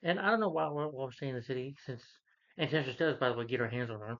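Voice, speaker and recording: A man's voice: mid-range voice, fast talker, fairly bright tone, muffled recording. Rambling man reviewing a movie. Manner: rambling, many restarts and fillers, opinionated. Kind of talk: casual rambling film review.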